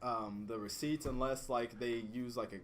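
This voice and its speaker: A young man, podcast co-host, telling a work story in a casual, profane, animated way and acting out both sides. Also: mid-range voice, moderate pace, a little hiss or hum.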